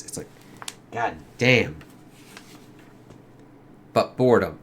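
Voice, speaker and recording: A man's voice: low-pitched, a little slow, pauses often, fairly bright tone, a little hiss or hum. A man giving a loose, casual comic book review, swearing freely and reacting as he reads. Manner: loose, swears, lots of "it's like". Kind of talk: casual review with read-aloud excerpts.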